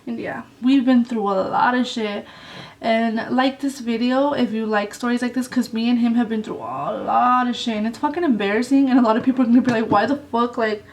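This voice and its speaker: A woman's voice: on the high side, fairly even intonation, brisk, recorded from a distance, low-quality recording. A young woman telling a story on her vlog in a blunt, casual way, swearing a lot and saying "like" often. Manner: blunt, heavy swearing, lots of "like". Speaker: vlogger.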